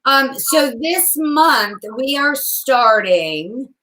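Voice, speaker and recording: A woman's voice: high voice, lively intonation, very slow, pushed and bright, poor audio. A woman co-hosting a casual chat show, easygoing and teasing. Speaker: podcast co-host.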